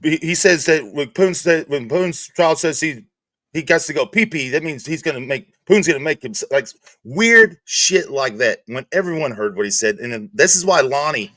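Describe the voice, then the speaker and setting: A man's voice: on the high side, fairly bright tone, dry recording. A man, hosting a livestream and ranting angrily with lots of cursing and restarts. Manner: angry, profane, repetitive restarts. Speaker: streamer host. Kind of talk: heated livestream rant.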